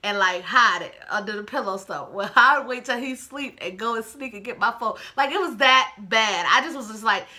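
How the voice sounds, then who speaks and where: Young woman vlogger, bright higher voice, chatty and emotional, talks straight to her viewers. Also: moderate pace, few pauses. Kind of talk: casual storytime vlog.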